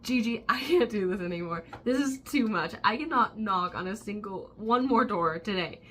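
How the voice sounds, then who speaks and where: A worn-out, introverted werewolf man stumbles through his words in flustered, halting bursts, with a bright, forward tone, as a woman puts him on while recapping a book. The voice is ordinary and close to the reader's own. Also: mid-range voice, lively intonation, a little hiss or hum, lightly acted. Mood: exhausted. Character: weary introverted male werewolf, fond and earnest.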